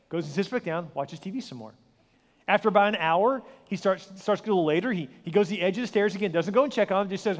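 A man in his forties, a pastor preaching a sermon with energetic storytelling and self-deprecating humor. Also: high voice, fast talker. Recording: long hall reverb.

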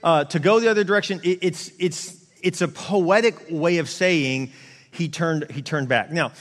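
A man's voice: on the high side, moderate pace. A man preaching a sermon in a casual, conversational way, often restarting and acting out quotes in asides. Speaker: pastor. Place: large church hall. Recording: long hall reverb.

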